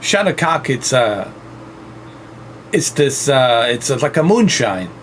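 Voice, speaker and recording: A man's voice: mid-range voice, very animated, takes it slowly, slight background noise. A man giving casual, joking commentary while playing a flight game, exclaiming to himself. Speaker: gaming streamer.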